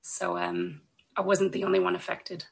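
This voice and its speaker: Croaky woman with a gravelly voice. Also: lowish voice, completely flat delivery, moderate pace. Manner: hesitant, with many ums and restarts. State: croaky from a cold. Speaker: podcast guest, illustrator and designer. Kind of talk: casual interview talk.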